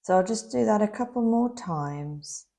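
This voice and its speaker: This crochet teacher speaks in an expressive, mellow mid-range voice, guiding each step with slow, patient instruction. Her voice is a bit worn, as though it's starting to give out.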